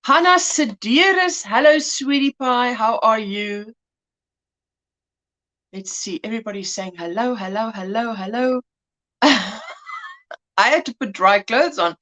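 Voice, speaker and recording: A woman's voice: fairly high pitch, unhurried, pauses often, fairly bright tone. A woman hosting a casual livestream, greeting viewers by name with pet names and laughing often. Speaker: livestream host. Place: indoors at home.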